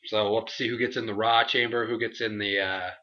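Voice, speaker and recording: A young man co-hosting a casual review chat, animated and laughing, acting out what others said. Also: on the low side, quick pace. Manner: animated, acts out quotes, laughs often. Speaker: show co-host. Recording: dull lo-fi home recording.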